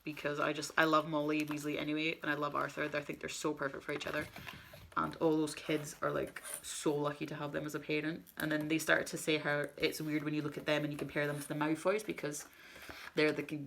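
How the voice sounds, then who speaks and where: A woman in her twenties with a low, gravelly voice, talking her way through a building project. She chats casually, gets flustered fast and mutters half to herself. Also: completely flat delivery, a bit bright, slight background noise. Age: 20s. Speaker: vlogger. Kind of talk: casual chat while building a model set.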